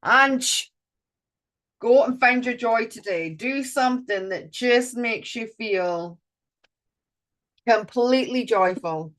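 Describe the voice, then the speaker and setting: A woman's voice: on the high side, takes it slowly, pauses often, fairly bright tone. A woman doing a live oracle card reading, chatty and playful, breaking off to greet viewers.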